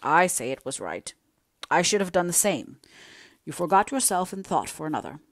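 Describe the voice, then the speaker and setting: A woman's voice: lowish voice, sing-song, moderate pace, dry recording, studio quality. A woman voicing a kindly elderly male family friend in an audiobook, speaking in a soothing, earnestly reassuring way. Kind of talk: audiobook character reading.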